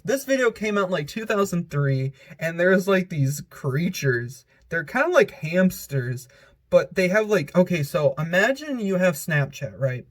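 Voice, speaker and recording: A vlogger with a somewhat high-pitched male voice rambles through a countdown, giggling often. His talk is loose and filled with filler words, with a casual, unscripted feel. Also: very animated, a little slow.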